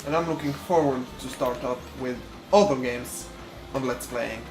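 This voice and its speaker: A man's voice: mid-range voice, moderate pace, over music. Echoey young-sounding male co-player. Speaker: let's play co-host. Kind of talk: casual gaming chat.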